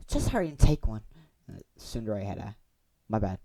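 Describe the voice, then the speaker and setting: A man's voice: lowish voice, big pitch swings, moderate pace, creaky, heavy background noise. A young man hosting a gaming video, reading the story text aloud with goofy, chatty asides. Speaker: gaming channel host. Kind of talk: reading a visual novel aloud.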